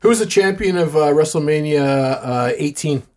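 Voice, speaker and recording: A man's voice: fairly high pitch, moderate pace, darkish tone. A man in a casual chat who patiently prompts his friend with questions and quizzes him on details. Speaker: co-host asking questions.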